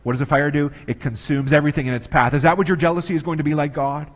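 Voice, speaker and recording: A man preaching a sermon, earnest and measured, slowing down to stress key phrases. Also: a little high, fairly even intonation. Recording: long reverb of a large hall.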